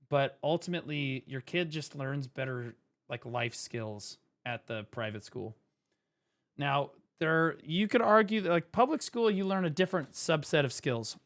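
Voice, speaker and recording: Male streamer, high bright voice, profane animated storyteller, casual chat. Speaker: streamer, former teacher.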